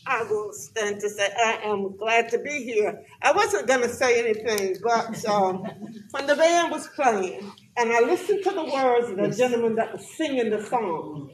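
A woman's voice: a little high, lively intonation, normal speed, a little hiss or hum. A woman giving impromptu remarks at a church service, chatty and laughing as she talks. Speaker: congregation member speaking. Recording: echoey hall from far off, crowd behind.

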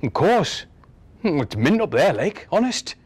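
A man's voice: a little high, sing-song, a little slow, slightly rough, exaggerated voice. A man reading a story, voicing a cheeky, defiant teenage schoolboy with a broad Northumbrian accent. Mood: cocky. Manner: blunt, cocky, dialect-heavy. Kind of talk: dramatic reading of a short story.

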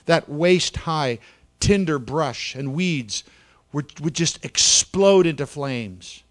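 A man telling a children's story in a church service, dramatic, moving between hushed and louder passages and slowing down for effect. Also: a little high, animated.

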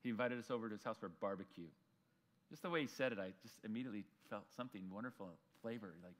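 Guy pastor giving a sunday bible teaching, relaxed and chatty, does little voices for the characters. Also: on the low side, racing, slight background noise. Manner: conversational, acts out voices of people in the story. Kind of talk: sermon.

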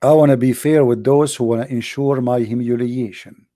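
A man's voice: medium pitch, fairly even intonation, moderate pace, mellow, no echo, clean studio sound. An English speaker who hosts a debate show and argues combatively and sarcastically in broken English, restarting his phrases often. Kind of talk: heated religious debate.

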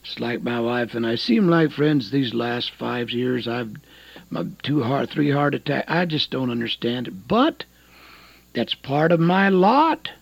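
Husky old man preaching on radio. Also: medium pitch, measured pace, no room sound. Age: 70s. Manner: swings from loud exhortation to hushed near-whisper. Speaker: evangelist. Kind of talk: radio sermon. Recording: dull lo-fi radio broadcast with faint music.

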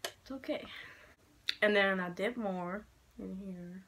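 A young woman vlogging a casual makeup chit-chat at home, frank and foul-mouthed, a little hoarse from being sick. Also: medium pitch, slow pace, noisy background. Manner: chatty, frank, swears a lot. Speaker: beauty vlogger. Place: room at home with poor lighting. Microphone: handheld mirror in one hand, camera fixed.

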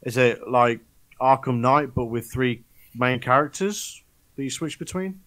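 Swearing podcast co-host. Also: male voice, mid-range voice, lively intonation, a little slow, a bit bright. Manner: blunt, swears, exclaims. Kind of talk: casual chat.

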